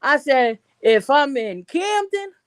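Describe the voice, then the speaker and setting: A woman co-hosting a casual panel chat, lively and animated, acting out voices from everyday street talk. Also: high voice, slow pace, dry recording. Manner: animated, acts out street dialogue. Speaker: co-host.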